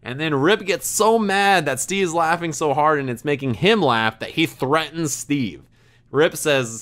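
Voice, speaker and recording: A man's voice: a little high, unhurried, fairly bright tone. A man streaming, telling a rambling, laughing story in casual chat, full of "like" and restarts. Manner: rambling, laughing, heavy use of "like".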